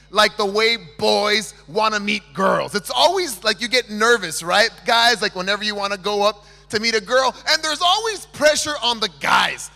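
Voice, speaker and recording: A lively speaker from Texas talks to a young audience, joking and throwing questions at the crowd. His voice is high and bright. It carries the long reverb of a large conference hall. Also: vocal fry. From Texas, USA. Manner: energetic, playful, jokes and asks the audience questions. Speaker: motivational speaker. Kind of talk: comedic motivational talk to students.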